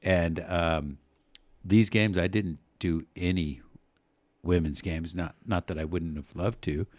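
Man, deep voice, casual sports chat, rambling, profane, animated in stories, dry sound. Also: slow pace, no room sound. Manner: rambling storyteller, swears, animated when recounting yelling. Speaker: podcast co-host.

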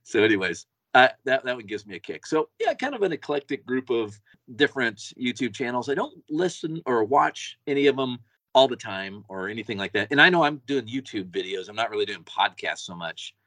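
A man's voice: mid-range voice, big pitch swings, fairly quick, fairly bright tone, dry recording. A man co-hosting a podcast, chatting casually and enthusiastically, often repeating words as he goes. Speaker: podcast co-host. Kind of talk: casual chat.

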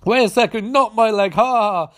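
A man's voice: high-pitched, a little fast, voice pushed up, lightly acted. A man putting on a cackling, gloating supervillain. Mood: mocking. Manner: taunting, with mocking laughs.

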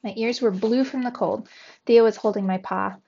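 A woman, a teacher, narrating a children's storybook aloud with lively expression. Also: a little high, moderate pace, gravelly, husky, dull audio.

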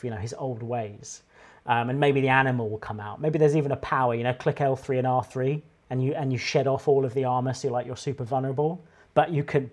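A man at a middle pitch talks through a game idea in an easygoing podcast chat. He rambles with enthusiasm and often restarts his sentences. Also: darkish tone. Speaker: podcast co-host.

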